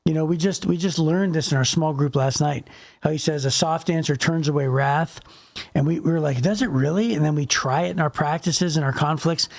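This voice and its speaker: A man's voice: on the high side, fairly even intonation, fairly quick, creaky. A middle-aged man co-hosting a faith podcast, talking in a loose, rambling way and acting out quotes. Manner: rambling, acts out quotes in little voices. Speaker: podcast co-host. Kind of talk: casual faith discussion.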